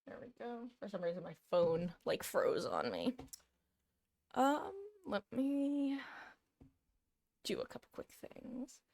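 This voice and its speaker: A woman's voice: mid-range voice, sing-song, takes it slowly, creaky, long pauses, darkish tone, dry recording, studio quality. A woman streaming a game live, chatting casually, answering her chat and laughing often. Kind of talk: casual chat while gaming.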